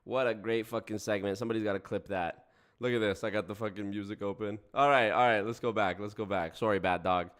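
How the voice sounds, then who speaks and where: A man's voice: lowish voice, fairly even intonation, fast talker, fairly bright tone. A man hosting a casual livestream, chatting with viewers, breaking into frequent laughter and swearing casually. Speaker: streamer host.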